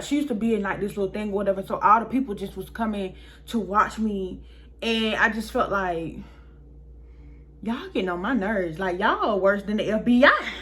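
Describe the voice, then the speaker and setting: A woman's voice: medium pitch, a bit bright. A young woman vlogger telling a story in a casual, chatty way, talking straight to her viewers.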